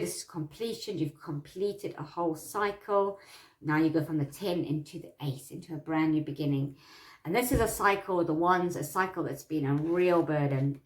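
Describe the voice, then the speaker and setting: A woman who teaches tarot and works as a psychic medium gives a casual lesson in a lowish, warm voice, reassuring her listeners and laughing often. She repeats her phrasing a lot, her eyes are itchy from allergies, and the room has a roomy echo.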